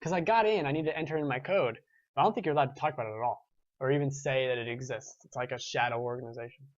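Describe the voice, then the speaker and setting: A man's voice: medium pitch, rapid-fire, dry recording, lo-fi sound. A man in his twenties hosting a gaming show, chatting casually and rambling with restarts while reading viewer comments. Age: 20s.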